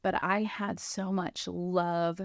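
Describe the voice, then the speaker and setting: A woman's voice: fairly low pitch, flat delivery, takes it slowly, dry recording, clean studio sound. Earnest woman telling her testimony. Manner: earnest storytelling, acts out quoted dialogue. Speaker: guest sharing testimony. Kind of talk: personal testimony, conversational.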